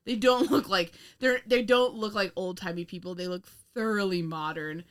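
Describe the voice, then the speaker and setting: A woman's voice: medium pitch, moderate pace. A young woman co-hosting a casual film review chat, rambling, laughing often and swearing with sarcastic asides. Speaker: podcast co-host.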